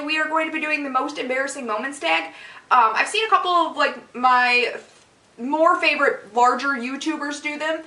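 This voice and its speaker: A woman's voice: high voice, moderate pace, bright, forceful tone, roomy sound, recorded from a distance, low-quality recording. A young woman vlogger telling embarrassing stories in a rambling, profane, self-mocking way. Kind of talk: casual storytelling vlog.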